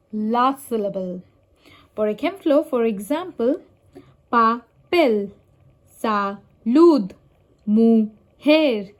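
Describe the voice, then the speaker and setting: A woman teaching a language lesson at an unhurried pace, her voice sitting a little high. She explains step by step and stretches out each example word so it can be heard clearly. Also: a little mellow. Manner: measured, spells out example words slowly and clearly. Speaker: Spanish teacher.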